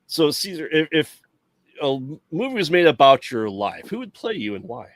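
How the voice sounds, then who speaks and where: A man's voice: fairly high pitch, big pitch swings, moderate pace. A man hosting a casual podcast, joking and laughing as he talks. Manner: jokey, laughs often. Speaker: podcast host.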